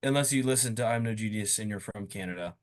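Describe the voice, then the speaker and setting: Young guy, relaxed and agreeable, chatting on a comedy podcast. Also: on the low side. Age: young adult. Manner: laid-back, quick to laugh, agreeable. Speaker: podcast co-host. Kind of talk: casual comedy podcast chat.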